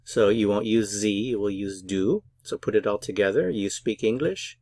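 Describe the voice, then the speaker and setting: A man's voice: fairly low pitch, animated, moderate pace, hardly any pauses, darkish tone, no room sound. A man teaching a beginner German lesson, patiently drilling words syllable by syllable. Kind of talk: slow, careful pronunciation lesson.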